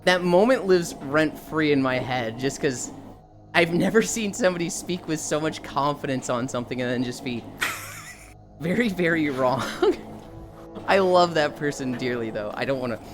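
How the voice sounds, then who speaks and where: A woman streamer chatting casually, laughing often and acting out quoted lines with lively changes of voice. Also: low voice, normal speed, over music. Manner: animated, laughing, acts out quotes. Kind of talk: casual chat. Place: VR chat stream.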